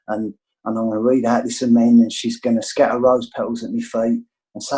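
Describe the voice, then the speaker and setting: A man's voice: mid-range voice, little pitch movement, a little fast, dark tone, rough recording. A man with an English accent sharing his recovery story on a video call, reflective and rambling, often ending his thoughts with a questioning "right?". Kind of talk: candid personal share on a video call.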